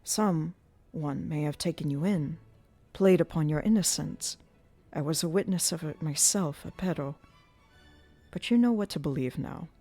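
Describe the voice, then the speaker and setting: A woman's voice: low voice, normal speed, warm tone, soft background music. A woman voicing a jealous young male nobleman who speaks with bitter sarcasm in a classic novel audiobook. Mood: pleading. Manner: sarcastic, reproachful.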